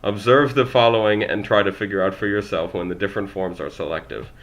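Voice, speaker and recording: Low-voiced young guy reading a language book out loud, self-deprecating, tripping over words. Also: fairly even intonation, fast. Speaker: language learner vlogger. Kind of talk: reading a textbook aloud with asides.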